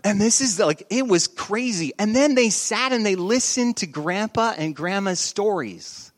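A male pastor giving a sermon, telling a story in a lively, animated way with shifts in volume and pace. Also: sits high, measured pace.

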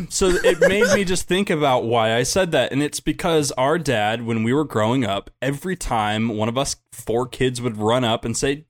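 A young man co-hosting a casual podcast, lively and quick to laugh, who also reads out a rhyming poem slowly. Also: medium pitch. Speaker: podcast co-host. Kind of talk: casual chat with poem reading.

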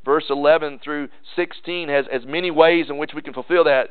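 Guy preaching a sermon, kinda high voice, tinny phone-like sound, lots of restarts. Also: steady tone, fairly quick, smooth. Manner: earnest preaching with many restarts and repeated words. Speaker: pastor.

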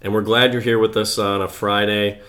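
A man co-hosting a casual podcast, enthusiastic and quick to laugh, with plenty of fillers. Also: on the low side, level tone, sharp tone. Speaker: podcast co-host. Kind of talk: casual chat.

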